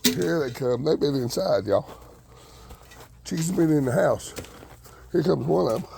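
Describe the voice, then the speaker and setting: A man with a higher, gravelly voice and lively intonation talks unhurriedly in a casual vlog while feeding his chickens in a freezing yard and on the front porch. He coos sweetly to the hens and chats with viewers, with background noise audible.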